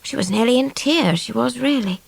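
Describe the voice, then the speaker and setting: A woman's voice: on the high side, normal speed, creaky, slightly rough, no echo. Woman reading a storybook. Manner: chatty, girlish first-person telling. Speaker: audiobook reader. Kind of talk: storybook narration.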